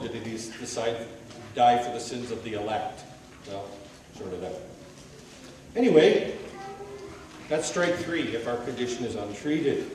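A man preaching a sermon, swinging between loud rhetorical questions and low, quiet asides. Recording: very echoey hall, mic at a distance, faint hiss.

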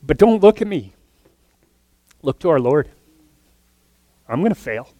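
A man preaching a sermon earnestly, his voice swinging from loud emphatic lines to soft, near-whispered ones. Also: fairly high pitch, big pitch swings, measured pace, no echo.

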